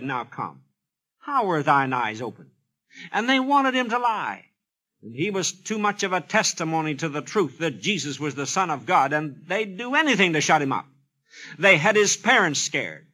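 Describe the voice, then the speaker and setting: Bright, high-pitched dramatic radio preacher. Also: male voice. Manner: dramatic, acts out biblical dialogue; emphatic, repetitive questioning. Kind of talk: radio sermon.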